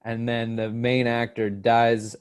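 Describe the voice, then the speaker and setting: A man co-hosting a podcast, retelling scenes in a rambling, excited way, laughing as he goes. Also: mid-range voice, takes it slowly, clear, resonant tone. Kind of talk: casual podcast chat.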